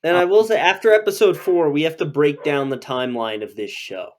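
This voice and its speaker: Man, podcast co-host, slightly higher voice, dry sarcastic chat. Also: a little fast. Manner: sarcastic, profane. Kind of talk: casual chat.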